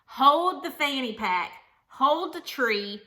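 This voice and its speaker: A young woman in her late twenties telling a personal story to camera in a chatty, candid, animated way, laughing often. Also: sits high, slow pace. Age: young adult. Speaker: vlogger.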